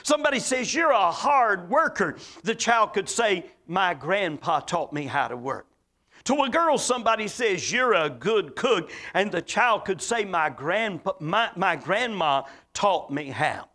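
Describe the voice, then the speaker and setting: A preacher from the American South, with a Southern accent, giving a folksy, emphatic sermon full of stories and quotes. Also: male voice, high-pitched, lively intonation, measured pace, few pauses, sharp tone.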